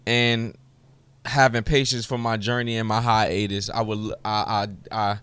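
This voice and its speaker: A man's voice: fairly low pitch, level tone, a little slow, smooth, no echo. A man hosting his own podcast alone, ranting heatedly with lots of profanity. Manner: heated, profane, rising to shouts when ranting. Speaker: podcast host. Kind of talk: solo podcast rant.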